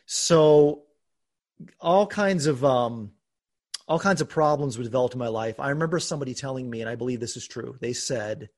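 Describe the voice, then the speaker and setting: American guy on his podcast, earnest and confessional, laughs a lot, mid pitch. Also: normal speed, a little mellow. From United States. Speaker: podcast host. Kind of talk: conversational podcast talk.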